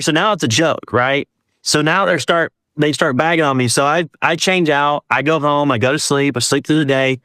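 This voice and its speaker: A man's voice: on the high side, fairly quick, dry recording, clean studio sound. A man telling a personal story as a guest, casually, acting out what people said. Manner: animated, acts out dialogue with quoted voices.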